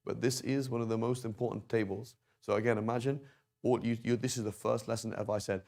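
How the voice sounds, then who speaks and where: A man's voice: mid-range voice, fairly even intonation, brisk, vocal fry, a little mellow. A man teaching a grammar lesson at a whiteboard, explaining patiently and checking in often with "right?" and "okay?". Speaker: Arabic teacher. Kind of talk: classroom lesson on verb conjugation.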